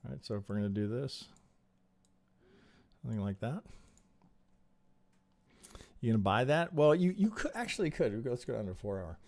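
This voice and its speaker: A man breaks down trading charts on a live stream, speaking animatedly and rhetorically, restarting often and leaning on tag questions. His mid-range voice carries vocal fry, and he talks at a normal speed with long pauses.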